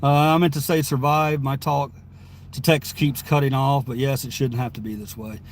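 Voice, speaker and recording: A man's voice: medium pitch, fairly even intonation, normal speed, a little hiss or hum. A man live streaming from inside his car, reading viewer chat aloud and answering it in a rambling, chatty way with frequent laughs.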